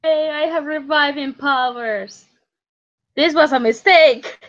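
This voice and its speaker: A woman's voice: high-pitched, slow pace, fairly bright tone. A woman co-streaming in casual chat, teasing and often stammering over her words. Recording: dull lo-fi stream audio.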